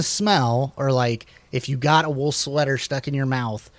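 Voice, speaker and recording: A man co-hosting a casual chat, reading facts off slides in a relaxed, rambling way with many fillers and restarts. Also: mid-range voice, normal speed, hardly any pauses, dry recording. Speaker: podcast co-host.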